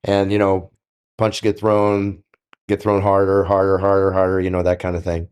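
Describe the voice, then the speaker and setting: An older man telling stories on a podcast in a casual, animated way, acting out the dialogue. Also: deep voice, normal speed, clean tone. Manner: animated, acts out quoted dialogue. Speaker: guest storyteller.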